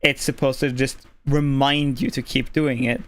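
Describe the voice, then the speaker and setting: A relaxed streamer with a male-sounding voice of ordinary, middling pitch chats casually into a desk microphone. Originally from Norway, the speaker talks easily and loosely, leaning on "like" and "you know" while explaining things step by step. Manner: relaxed, deliberately easy on the voice, lots of "like" fillers. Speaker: streamer giving voice tips.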